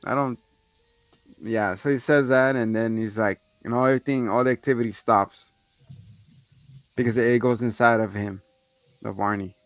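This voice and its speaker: A man's voice: mid-range voice, fairly even intonation, moderate pace, pauses often, dry recording. A man hosting a podcast, casually recapping a movie scene by scene, swearing freely and acting out the characters' lines in a raised voice. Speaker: podcast co-host.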